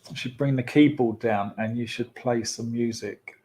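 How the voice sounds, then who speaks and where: A man's voice: medium pitch, steady tone, normal speed, a little mellow. A man hosting a children's church club online, chatty and playful, laughing often and filling gaps with ums.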